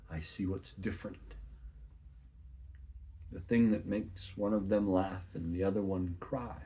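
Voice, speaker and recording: A man in his thirties sharing a personal faith testimony in an earnest, searching way, often soft and hushed. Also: deep voice, a little hiss or hum. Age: 30s.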